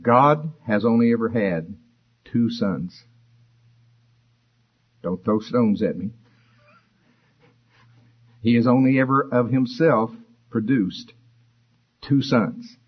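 A man preaching a sermon, explaining scripture in a conversational way and rising in pitch for emphasis. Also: slow, pauses often, slightly rough, highs cut off. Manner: expository, conversational, rises for emphasis.

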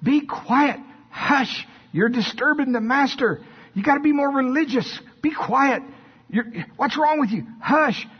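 A man voicing a crowd of religious onlookers who sharply hush and scold, in a dull lo-fi recording. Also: very high-pitched, a little slow, breathy edge, long reverb tail, voice pushed up, heavily acted. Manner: sharp hushing.

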